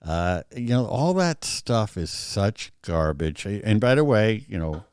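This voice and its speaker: A man's voice: lowish voice, very animated, slow, background noise. A man co-hosting a sports talk show, opinionated and talking in bursts with frequent restarts. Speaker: podcast co-host. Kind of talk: casual sports chat.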